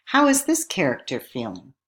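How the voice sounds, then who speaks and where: A woman giving a recorded lesson, speaking in a clear, measured teacherly way and putting questions to the viewer. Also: low-pitched, wildly swooping pitch, a bit bright. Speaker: instructor.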